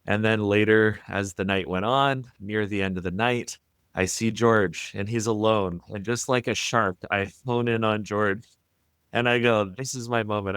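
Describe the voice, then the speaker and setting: Upbeat low-voiced Canadian podcast host. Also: male voice, clean tone, no room sound, clean studio sound. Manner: enthusiastic storyteller, animated when retelling. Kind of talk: conversational interview.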